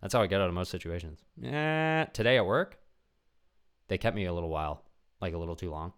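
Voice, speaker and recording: With a low, clear, resonant voice and a brisk pace, a young man hosts a podcast, rambling through a loose comedic monologue. He swears a lot, stays animated, and performs the voices of the characters in his tales.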